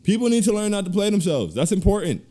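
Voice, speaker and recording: A man co-hosting a casual podcast, ranting in animated, slangy bursts and laughing through his complaints. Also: high-pitched, quick pace. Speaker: podcast co-host.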